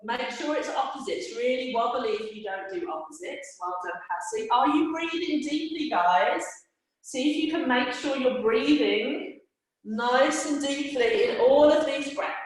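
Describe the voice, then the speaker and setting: With a high, animated voice and a slightly slow pace, a woman guides children through a live yoga class using playful, encouraging step-by-step instructions. The room she's in echoes heavily.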